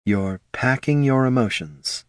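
A man voicing a blunt, fiery young sorceress, speaking slowly and dryly with little change to his own voice. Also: lowish voice, lively intonation, no room sound, studio quality.

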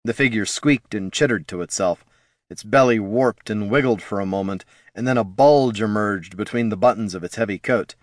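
A man narrating a fantasy story in a steady, storytelling delivery. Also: lowish voice, moderate pace, dry recording, clean studio sound.

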